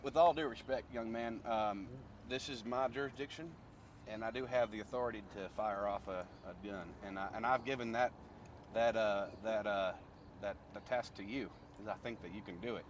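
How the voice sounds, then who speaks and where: A man's voice: lowish voice, moderate pace, distant mic, slight background noise, lightly acted. A man playing a bumbling wildlife expert in a comedy sketch, rambling and stammering in a folksy way, recorded outdoors. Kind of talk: improvised comedy sketch acting.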